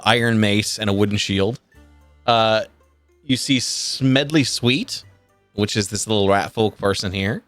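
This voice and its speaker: A man's voice: fairly low pitch, a bit bright, dry recording. A man narrating as game master of a tabletop game, rambling with many fillers, cursing and laughing along.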